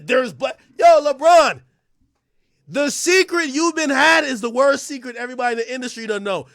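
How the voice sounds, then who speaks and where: Man, livestream host, very high voice, swooping intonation, profane rant, dry close sound. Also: normal speed, no echo. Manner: loud, profane, animated, often laughing.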